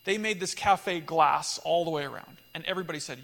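A man preaching a sermon, earnest and animated, swinging to loud emphatic peaks as he tells stories. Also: a little high, brisk, gravelly, hardly any pauses, big-room sound. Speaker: pastor.

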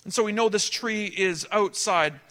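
A man preaching a sermon, telling a story with animated delivery that swings between emphatic and hushed. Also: high voice, normal speed.

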